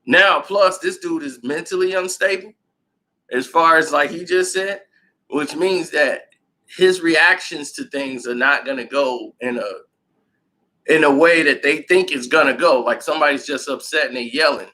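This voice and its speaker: A man giving casual sports commentary, telling the story in an animated way and laughing often. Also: fairly high pitch, moderate pace, low-quality recording.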